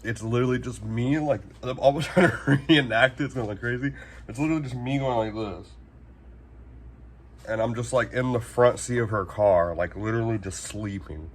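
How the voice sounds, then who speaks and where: At a medium pitch and moderate pace, this twentysomething man from Northern California vlogs a loose storytime. He curses freely, leans on slang, wanders off track, and says "like" constantly.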